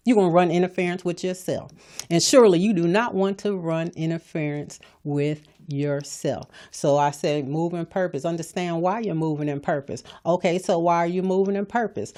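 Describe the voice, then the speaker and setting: This podcast host's voice is mellow and lowish. She is a middle-aged woman from California giving a motivational talk, and her delivery is forceful and sermon-like, circling back to the same points again and again.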